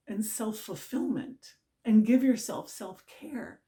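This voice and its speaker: A woman's voice: medium pitch, expressive, takes it slowly, mellow. A middle-aged woman giving an earnest, casual spiritual talk as a mantra teacher, often checking in with "right?". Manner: earnest, repetitive, with frequent "right?" check-ins.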